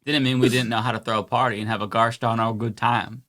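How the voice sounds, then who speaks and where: A man's voice: medium pitch, little pitch movement, quick pace, close to an everyday voice. A man voicing a rowdy Southern hillbilly man in an exaggerated put-on Southern accent, telling a wild party story. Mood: boastful. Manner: exaggerated drawl, loud and laughing.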